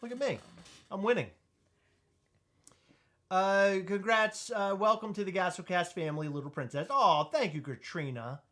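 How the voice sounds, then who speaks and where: Man, podcast co-host, casual chat, loud, joking, teasing. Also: sits high, moderate pace, pauses often.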